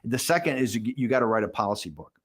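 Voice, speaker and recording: A man's voice: medium pitch, lively intonation, fast, breathy edge. A man being interviewed, telling candid stories in a rambling way, often restarting sentences and repeating words. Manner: acts out dialogue while retelling events.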